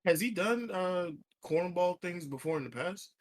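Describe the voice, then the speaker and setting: A young man co-hosting a casual podcast, reacting with disbelief, quick questions and blunt jokes. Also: sits high, lively intonation. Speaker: podcast co-host. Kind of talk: casual chat.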